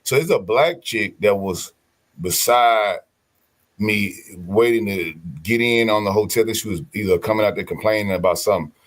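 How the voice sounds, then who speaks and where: A man telling stories in casual podcast chat, animated, slangy and profane. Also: fairly low pitch, normal speed.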